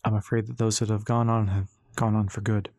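Man doing a wry formal gentleman, polite and sarcastic, dry recording. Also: lowish voice, flat delivery, a little fast, dry recording, lightly acted. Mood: measured.

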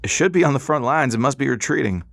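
Guy putting on a gruff old man yelling orders, pitched up, dry audiobook sound. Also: expressive, fast talker, no echo. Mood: urgent. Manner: loud, urgent shouting. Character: old hobbling male dock leader, gruff and commanding. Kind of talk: audiobook character voice.

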